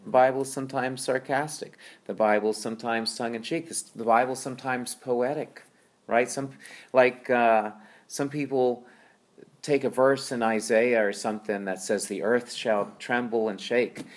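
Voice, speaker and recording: A man's voice: medium pitch, steady tone, normal speed. A man explaining how to read scripture in an easygoing teaching talk, conversational and full of tag questions and fillers. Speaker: Bible teacher.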